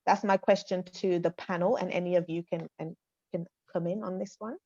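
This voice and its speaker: A woman from Montserrat hosting an online panel discussion, speaking in a measured, agreeable way. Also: on the low side, fairly even intonation, dark tone. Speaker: panel host. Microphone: video call. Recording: dull lo-fi video call audio.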